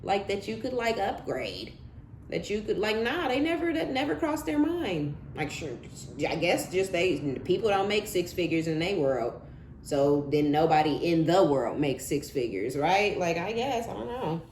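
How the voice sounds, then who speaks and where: Low-voiced blunt woman reading tarot. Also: sing-song, moderate pace, darkish tone. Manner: blunt, profane, laughing asides, slangy. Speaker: tarot reader. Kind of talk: casual tarot reading monologue. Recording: echoey room with faint background hum.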